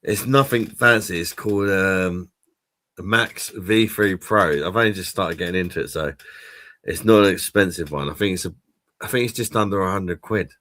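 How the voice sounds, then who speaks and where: A man with a low voice and a forceful, bright edge, chatting casually on his live stream. He is laid-back and sweary and laughs often, heard dry and close with no room sound. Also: moderate pace, no echo. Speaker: host of a drinks review live stream.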